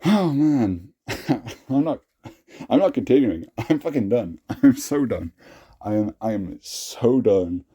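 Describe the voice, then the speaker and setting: A man's voice: lowish voice, expressive, measured pace, dark tone, breathy edge. A young adult man hosting a casual talk, cringing at his own old writing, swearing often and laughing at himself. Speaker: host.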